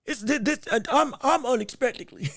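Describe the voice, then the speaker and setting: A man hosting a solo podcast, talking in an excitable, rambling way, often repeating words, with a voice that is straining and going hoarse. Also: extremely high pitch, fairly quick, no room sound, clean studio sound. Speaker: podcast host.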